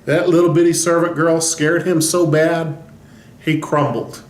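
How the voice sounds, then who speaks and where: A man's voice: a little high, little pitch movement, a little slow. A man giving a short devotional as a pastor, telling the story with folksy humor. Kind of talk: devotional talk. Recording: roomy echo.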